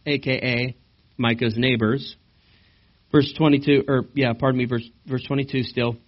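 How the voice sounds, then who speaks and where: A man preaches a sermon at a church service. He is animated and often asks the congregation questions, at a middling pitch for a man. The recording sounds slightly dull. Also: normal speed. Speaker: pastor.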